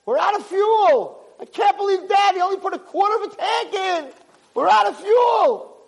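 A man shouting as a frantic spoiled brother stranded at sea. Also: animated, normal speed, gravelly, slight background noise, exaggerated voice. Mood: panicked. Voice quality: high shouting panic.

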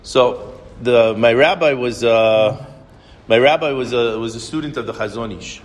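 A man's voice: medium pitch, a little slow. Man telling a story in an echoey hall. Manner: lively storyteller, repeats and restarts phrases. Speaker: Torah teacher. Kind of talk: storytelling Torah lesson to a small group. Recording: reverberant room with faint noise.

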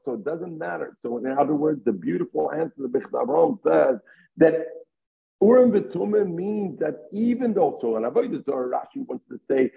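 A man's voice: on the high side, vocal fry. A man giving a Talmud lesson, explaining step by step and weaving Hebrew and Aramaic terms into his English. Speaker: Talmud teacher. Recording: tinny phone-line audio.

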